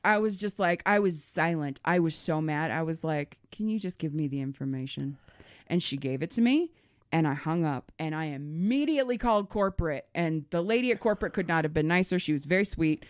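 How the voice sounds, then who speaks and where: Animated woman telling a story. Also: fairly low pitch, brisk, no room sound, clean studio sound. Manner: animated storytelling, swears freely. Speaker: podcast co-host. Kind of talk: casual chat.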